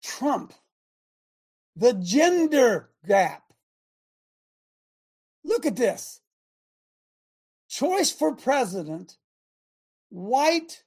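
A middle-aged man hosting a talk show, speaking in an animated, emphatic way with lots of repetition. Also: sits high, husky. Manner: animated, emphatic, repeats himself, often laughs. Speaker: show host. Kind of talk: casual talk show monologue.

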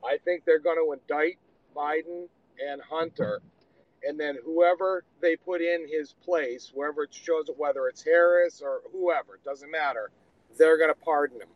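A man's voice: a little high, fairly even intonation, moderate pace, no echo, dull audio. A male caller with a somewhat raised voice pushes his view confidently. The sound is dry and close. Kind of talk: call-in opinion.

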